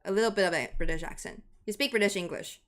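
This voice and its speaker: A woman with a Taiwanese accent calls a live esports match in English, her second language after Mandarin. Her voice sits at an ordinary middle pitch, and she talks in a chatty, excitable way. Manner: excitable, chatty, quick to laugh and gasp. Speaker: esports caster.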